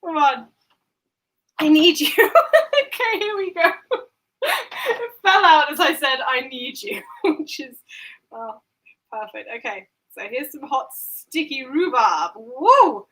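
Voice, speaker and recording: High, bright giggly woman baking at home. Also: sing-song, takes it slowly, low-quality recording. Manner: chatty, giggly, exclaiming, swearing at the food. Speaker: streamer. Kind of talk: casual chat while baking. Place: home kitchen. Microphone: built-in device mic, not the headset mic.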